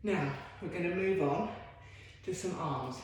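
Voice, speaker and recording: A woman's voice: lowish voice, measured pace, slight background noise. Encouraging woman in an echoey room. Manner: encouraging, chatty, self-deprecating asides. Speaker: fitness instructor. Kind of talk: guided home workout instruction.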